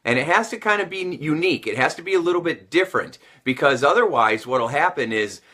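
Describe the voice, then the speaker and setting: Facing the camera, a male sales and communication coach teaches with energetic, motivational drive, repeating phrases for emphasis. His voice is bright and forceful, pitched on the high side, and fairly quick.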